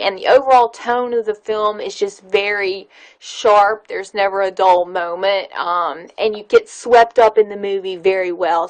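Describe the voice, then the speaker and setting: A woman's voice: mid-range voice, low-quality recording. A woman giving a casual movie review on her vlog, chatty and gushing, with frequent fillers.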